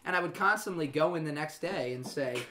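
A man's voice: fairly high pitch, fairly quick, bright, forceful tone. A man hosting a podcast, chatting casually with crude, teasing jokes. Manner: joking, teasing, crude banter. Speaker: podcast host.

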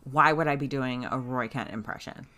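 A woman's voice: a bass voice, moderate pace, bright, forceful tone. A woman in her thirties with a cold, co-hosting a casual book club podcast and reading with many hesitations. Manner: hesitant, lots of ums while reading. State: has a cold. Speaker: podcast co-host. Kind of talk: casual chat.

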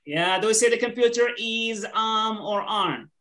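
Bright-voiced woman teaching online. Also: on the high side, normal speed, a little hiss or hum. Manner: mixes English and Arabic, asks "right?" constantly. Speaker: English teacher.

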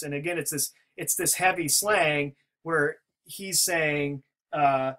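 A man's voice: on the high side, slow, bright, forceful tone. A man talking through a theory in casual spoken commentary, rambling with many restarts and fillers. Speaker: video commentator.

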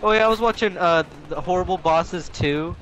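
A man's voice: high voice, moderate pace, a bit bright, highs cut off, slight background noise. A young man in casual gaming voice chat, telling long rambling stories full of crude jokes. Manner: rambling, crude, joking storyteller. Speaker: gamer chatting with friends.

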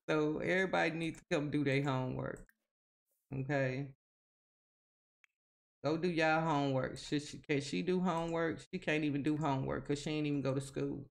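A woman commentates her gameplay in a relaxed, conversational way. She talks straight at the characters, nagging and teasing them as she goes. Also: low voice, normal speed, gravelly, long pauses. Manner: chatty, scolding the game characters. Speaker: gaming video host. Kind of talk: casual game commentary.

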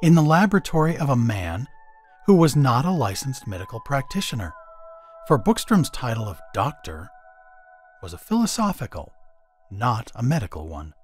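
A man's voice: mid-range voice, sing-song, normal speed, soft background music. A man narrating a science fiction story with dramatic expression on his podcast. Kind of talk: story reading.

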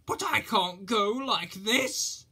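A man's voice: sits high, lively intonation, slow pace, pushed and bright, slightly rough, voice pushed up, heavily acted. A man reading a storybook, voicing an anxious, proud male steam engine with a whiny, fretful manner. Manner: whiny, fretful, then determined.

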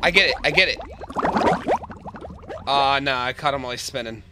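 A young man narrating and reacting to a survival game, excitable and profane, often yelling at the enemies he fights. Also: medium pitch, brisk, heavy background noise. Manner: excitable, swears, yells at the game. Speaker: gaming YouTuber. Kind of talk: narrated gameplay commentary.

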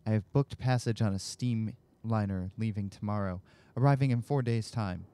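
A man's voice: lowish voice, normal speed, warm tone, close to an everyday voice. A man reading a game journal aloud in a put-on Irish or Scottish accent, voicing an exiled war veteran. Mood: solemn. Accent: mock Irish or Scottish.

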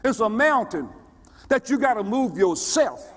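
A man preaching a sermon, his voice pitched unusually high and rising and falling with lively swings. He moves from steady teaching to shouted questions thrown back at the congregation. The sound rings with the long reverb of a church sanctuary. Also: measured pace. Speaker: pastor.

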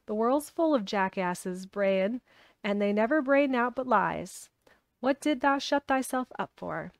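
A gruff old man from the dales talks in a dry, blunt country way. He is voiced by a woman reading a storybook aloud. The sound is close and dry. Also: on the high side, animated, unhurried, no echo. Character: crabbed old male gardener, dry and gruff.

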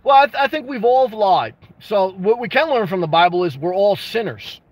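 A man hosting a casual livestream, answering viewer comments with blunt, jokey advice and bursts of excitement. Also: sits high, moderate pace, dry recording. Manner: reads and responds to viewer comments. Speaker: livestream host answering chat.

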